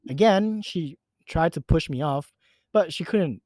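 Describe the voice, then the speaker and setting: A man's voice: fairly high pitch, animated, a little slow, a little mellow, dry recording. A man reading a first-person horror story in an earnest, emphatic way. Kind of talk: scripted narration of a horror story.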